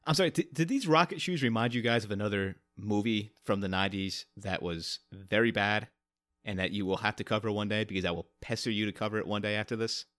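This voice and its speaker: A man's voice: lowish voice, fast talker, fairly bright tone. A man, a guest on a podcast, telling wry, self-mocking stories about a movie. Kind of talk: casual movie chat.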